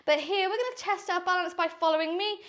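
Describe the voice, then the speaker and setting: This yoga instructor's voice is extremely high, fast, and fairly bright as she calls out breaths and poses for a power yoga class. She offers encouraging cues while winded from doing the flow herself.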